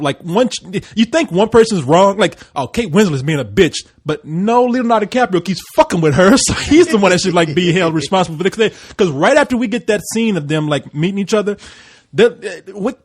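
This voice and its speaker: Man, husky voice, lively pitch, casual movie review chat, swears, acts out scenes. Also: brisk. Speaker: podcast co-host.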